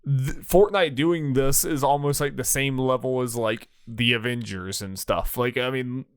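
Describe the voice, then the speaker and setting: Smooth, dry-voiced man in casual podcast chat. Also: medium pitch, a little slow, no room sound. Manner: rambling, filler-heavy with many "like"s and restarts. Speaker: podcast co-host.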